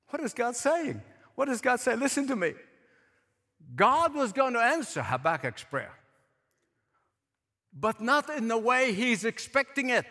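A man preaches a sermon emphatically, repeating points for stress and putting questions to his listeners. His voice sits high, pushed and bright, in an echoey hall with long reverb.

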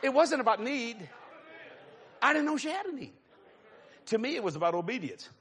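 A middle-aged preacher tells a story in a sermon, acting out the voices of other people. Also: male voice, very high-pitched, normal speed, some chatter behind. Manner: animated, acts out voices, chuckles.

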